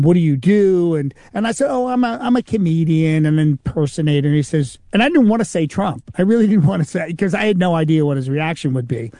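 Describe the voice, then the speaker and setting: A man's voice: fairly high pitch, no room sound, studio quality. A man, a comedian and impersonator, telling anecdotes in an interview and acting out the people he quotes. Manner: animated anecdotal storytelling, acts out quoted voices. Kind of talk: interview storytelling.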